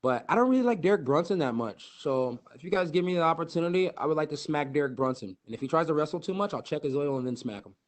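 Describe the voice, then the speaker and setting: A man's voice: fairly high pitch, expressive, fast talker, few pauses. A young man, a professional fighter, giving casual interview answers full of brash trash talk and loose filler words.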